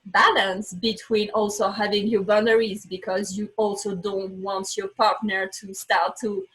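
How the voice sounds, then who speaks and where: A woman guest on a podcast telling a candid personal story, animated and acting out her own words, speaking English as a second language with small slips. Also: medium pitch, unhurried, slightly rough, low-quality recording.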